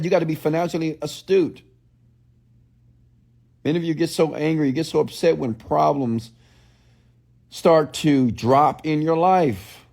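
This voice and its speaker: Gravelly, mellow-voiced man preaching motivation. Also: a little high. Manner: preachy, repetitive call-and-response questions; blunt, scolding. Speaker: motivational speaker. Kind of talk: motivational livestream talk.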